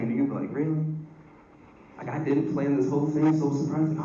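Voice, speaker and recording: A man's voice: fairly high pitch, fairly even intonation, fairly quick, dark tone. A young man from Atlanta, doing a crude live stand-up set and teasing the crowd in a packed club. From Atlanta, Georgia. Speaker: stand-up comedian. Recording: roomy, dull live club audio from far off.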